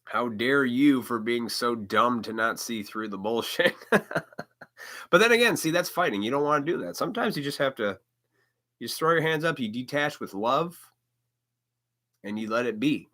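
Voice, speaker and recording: A man's voice: mid-range voice, lively intonation, normal speed, long pauses, pushed and bright. A man hosting a live stream, talking bluntly and with plenty of profanity in a ranting monologue.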